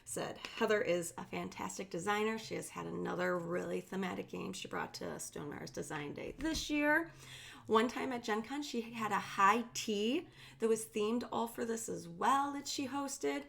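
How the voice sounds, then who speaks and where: A woman's voice: medium pitch, moderate pace, vocal fry, a bit bright, a little hiss or hum. A woman guest sending in an enthusiastic, gushing message. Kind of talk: casual recorded message.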